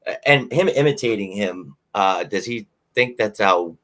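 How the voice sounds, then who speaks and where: A man hosting a casual sports talk show, animated and jokey. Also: on the low side, unhurried. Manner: animated, jokey fan banter. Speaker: podcast host.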